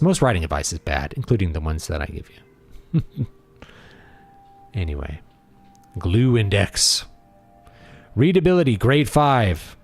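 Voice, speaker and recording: A man hosting a casual livestream, blunt and playful in his opinions. His pitch rises and falls a lot as he talks, and faint music plays behind him. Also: darkish tone. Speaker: livestream host and writer.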